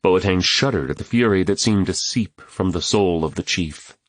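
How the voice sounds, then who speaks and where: A man narrating an audiobook in a measured, steady storytelling way into a close studio mic. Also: low voice, no room sound.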